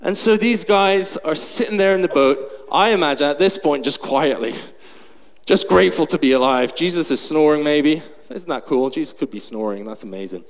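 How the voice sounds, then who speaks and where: Breathless man preaching a lively story. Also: a little high, normal speed. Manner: animated, acts out the scene. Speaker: pastor. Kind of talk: storytelling sermon. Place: large church hall. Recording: long hall reverb, faint noise.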